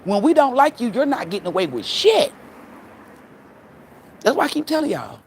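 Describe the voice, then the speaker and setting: A woman's voice: high voice, sing-song, moderate pace, creaky, slight background noise. A woman hosting a casual livestream, talking bluntly and profanely and laughing often as she tells stories. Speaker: livestream host.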